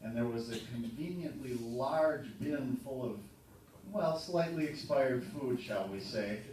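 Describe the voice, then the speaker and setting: A man in his fifties giving a halting, dryly funny tribute speech as a son to a party audience, pausing often with ums. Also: mid-range voice, darkish tone, a little hiss or hum. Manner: halting, dry humorous storytelling with many ums. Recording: echoey hall from a distant mic. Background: room ambience and audience laughter.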